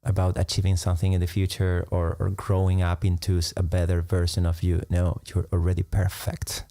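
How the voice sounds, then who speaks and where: Low gravelly guy, slow musing meditation talk, little laughs. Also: monotone, no room sound. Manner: unhurried, musing, laughs softly between thoughts. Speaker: meditation teacher. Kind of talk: reflective live-stream talk.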